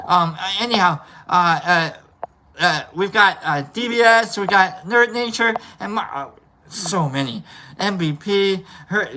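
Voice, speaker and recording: Bright-voiced rambling streamer man. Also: sits high, moderate pace, slight background noise. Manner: rambling, joking, swears casually. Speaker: livestream host. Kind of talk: casual livestream sign-off.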